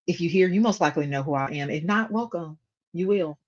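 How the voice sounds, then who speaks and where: A woman's voice: lowish voice, brisk, darkish tone, muffled recording. A woman hosting a casual reaction video, blunt and sarcastic in her commentary.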